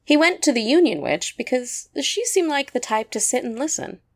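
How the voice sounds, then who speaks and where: A woman narrating a short story in a measured, even storytelling manner. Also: sits high.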